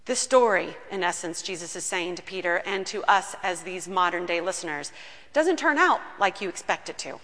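A woman pastor preaching a sermon in a church, telling the story earnestly and slowing down on key words. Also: lowish voice, expressive, fairly bright tone. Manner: earnest storytelling, slows down for emphasis. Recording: long reverb of a large room.

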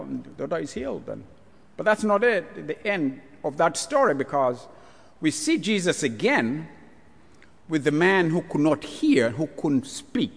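A man preaching a sermon, telling gospel stories in a lively way and acting out the voices of the figures. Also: fairly high pitch. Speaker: pastor. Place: church. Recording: long church reverb.

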